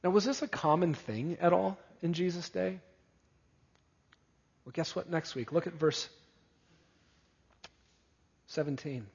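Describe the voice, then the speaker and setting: A man's voice: on the high side, unhurried, creaky, pauses often, husky. Male preacher in an echoey hall. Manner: emphatic, building repetition. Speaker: pastor. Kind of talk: expository sermon. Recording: dull, echoey church hall.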